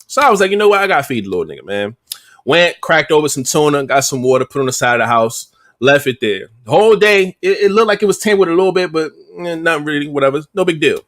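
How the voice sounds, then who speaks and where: Man, podcast co-host, animated storyteller, high lively voice, casual and profane. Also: fast talker. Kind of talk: casual chat.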